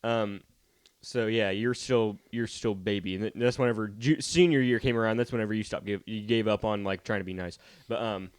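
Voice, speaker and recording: A man's voice: lowish voice, steady tone, brisk, clean tone, dry recording. Joking young man with stammering restarts. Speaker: podcast co-host. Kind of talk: casual chat.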